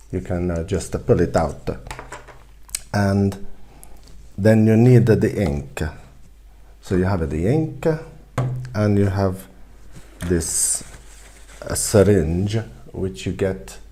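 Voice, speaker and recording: A man's voice: fairly low pitch, warm tone, a little hiss or hum. A man hosting a casual how-to demonstration in a loose, joking, rambling way. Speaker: tutorial host.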